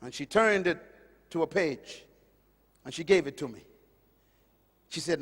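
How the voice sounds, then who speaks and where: A man preaching a sermon, swinging between loud emphatic lines and hushed ones. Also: a little high, expressive, measured pace, long pauses, in a large hall. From Caribbean island.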